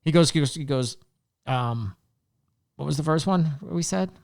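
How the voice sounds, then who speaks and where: A man's voice: fairly high pitch, unhurried, gravelly, a little mellow. A man co-hosting a podcast, telling long rambling stories and acting out the people he quotes. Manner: rambling storyteller, acts out quotes. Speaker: podcast co-host. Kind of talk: casual chat.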